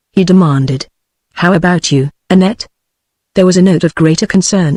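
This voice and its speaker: A text-to-speech woman's voice with a British English accent, reading an adventure novel aloud in an even, uniform way, voicing every character the same. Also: on the low side, moderate pace, no echo. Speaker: audiobook narrator. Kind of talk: synthetic audiobook narration.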